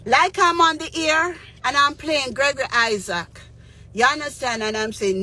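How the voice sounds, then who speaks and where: A woman's voice: sits high, normal speed, sharp tone. A woman with a Jamaican accent tells a personal story earnestly. She mixes Patois with English and keeps checking in with the listener. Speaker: radio DJ and spiritual advisor.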